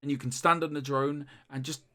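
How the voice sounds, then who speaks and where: A young man co-hosts a podcast in casual chat, rambling with lots of fillers and restarts. His voice is a little high and bright with a forceful tone, fairly even in intonation, and slightly fast.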